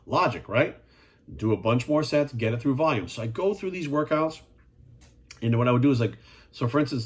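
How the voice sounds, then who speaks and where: A man's voice: medium pitch, husky. A man talking as a fitness coach in a casual monologue, blunt and profane, firing rhetorical questions at the viewer.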